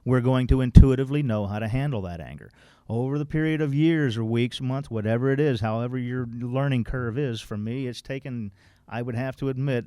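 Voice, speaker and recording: A man speaking at a recovery workshop, blunt and folksy, with a bit of mild cursing. He reads passages aloud and then breaks them down in plain everyday terms. The sound is dry and close, with the pitch of an average man. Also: warm tone, no echo. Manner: blunt, folksy, mildly profane; quotes text then explains it plainly. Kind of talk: informal workshop talk.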